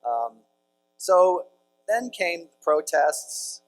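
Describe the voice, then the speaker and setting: In this low-quality recording, a priest addresses a large conference audience, spinning stories and cracking jokes with the crowd. His high voice swings widely in pitch, and he draws out his words.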